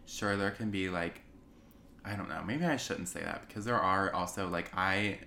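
A young American man tells a rambling, self-deprecating story in a casual chat. His voice sits very low but has a bright, forceful edge. A faint noise runs behind him. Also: moderate pace, creaky. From United States. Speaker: podcast guest.

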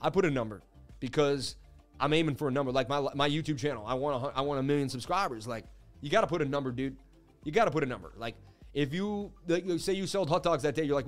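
Male livestream host, around forty, slightly high voice, hyped and chatty, faint music underneath. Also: fast talker. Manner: hyped, chatty, reads viewer chats. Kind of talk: casual livestream chat.

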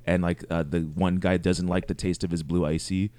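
A man's voice: deep voice, little pitch movement, normal speed, mellow, dry recording. A young man co-hosting a podcast, telling rambling, profane stories in casual chat. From California. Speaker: podcast co-host.

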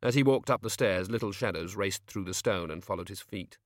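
A man narrating an audiobook with expressive, dry storytelling. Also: deep voice, a little fast, no echo. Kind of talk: scripted narration.

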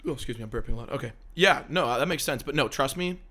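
Young male co-host, mid-range voice; relaxed, slangy banter. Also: medium pitch, very fast. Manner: laid-back, slangy, swears casually. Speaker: podcast co-host. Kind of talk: casual chat.

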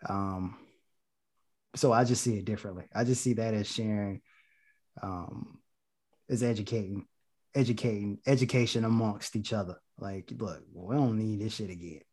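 Measured, low-voiced man speaking bluntly. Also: fairly even intonation, darkish tone. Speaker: panelist. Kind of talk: casual discussion.

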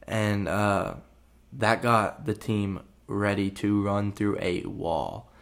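A young college football player talks through a story on his own podcast. His voice sits a little low, and his delivery is loose and conversational. He leans on "you know" and "uh" as he goes. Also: takes it slowly, creaky. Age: young adult. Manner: relaxed, rambling, full of "you know" and "uh" fillers. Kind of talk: casual storytelling.

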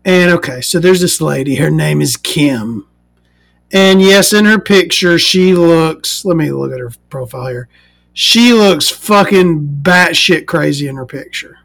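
A woman's voice: low-pitched, animated, a little slow, vocal fry. A woman vlogger telling a story in a casual rant, sarcastic, profane and mocking.

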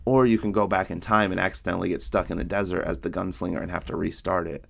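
A man co-hosting a podcast, talking through a book in casual chat and rambling through retold scenes with quick quotes from the characters. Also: sits low, steady tone, gravelly, fairly bright tone. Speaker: podcast co-host.

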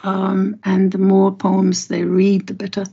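A woman translator talks through her craft slowly, with lots of pauses and restarts. Her voice is gravelly, dark and husky. The recording sounds dull and lo-fi. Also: medium pitch, completely flat delivery. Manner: thoughtful, halting, many pauses and restarts. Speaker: poet and translator. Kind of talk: unhurried interview talk, reading a poem aloud.

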